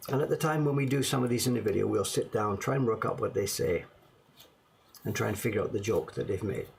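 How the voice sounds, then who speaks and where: A man's voice: lowish voice, brisk, creaky, background noise. A man casually showing his collection of small prints to the camera, rambling and musing aloud in a self-deprecating way. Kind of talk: casual show-and-tell to camera.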